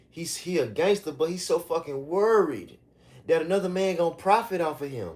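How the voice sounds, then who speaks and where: Profane, animated man ranting on a livestream. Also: a little fast. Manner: animated, profane, mocking rants with sudden high-pitched outbursts. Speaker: livestream host. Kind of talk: casual livestream commentary.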